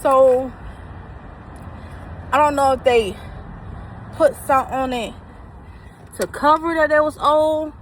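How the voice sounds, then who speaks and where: A woman's voice: high-pitched, steady tone, takes it slowly, long pauses, slight background noise, poor audio. A woman reviewing a meal for her vlog, talking emphatically to viewers outdoors by a truck. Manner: emphatic, repeats herself, addresses viewers as y'all. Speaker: vlogger reviewing food. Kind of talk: casual vlog talk to viewers.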